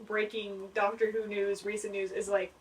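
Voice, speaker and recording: A woman's voice: mid-range voice, level tone, moderate pace, far from the mic, slight background noise, rough recording. A young woman from Canada co-hosting a podcast in casual chat, often trailing off and restarting her sentences. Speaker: podcast co-host.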